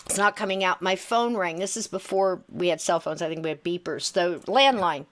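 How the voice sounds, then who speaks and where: A middle-aged woman telling a personal story in casual conversation, earnest and emphatic, halting with frequent restarts. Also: fairly low pitch, a bit bright, a little hiss or hum.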